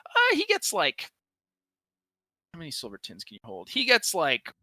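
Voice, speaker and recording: A man's voice: fairly high pitch, wildly swooping pitch, moderate pace, sharp tone, no echo. A man running a tabletop game as game master, narrating casually with frequent swearing and hesitations.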